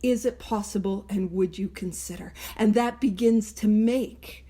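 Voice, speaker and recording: A woman's voice: mid-range voice, a little slow, dark tone, husky. A woman leading an online recovery book study, reading passages and explaining them in a chatty, self-mocking way with tangents. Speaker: Big Book study leader.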